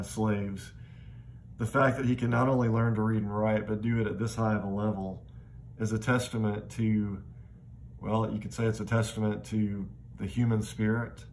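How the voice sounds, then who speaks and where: Man lecturing with low voice. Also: darkish tone. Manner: reflective, thinks aloud with frequent restarts. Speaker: literature lecturer. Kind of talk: classroom lecture. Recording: faint background noise.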